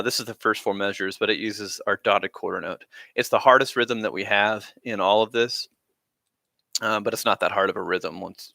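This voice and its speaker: A man's voice: lowish voice, gravelly, pushed and bright, no echo, clean studio sound. A man teaching a band class on a live stream, talking casually with lots of fillers as he explains rhythms. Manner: casual, rambling, frequent fillers. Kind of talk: live-streamed music lesson.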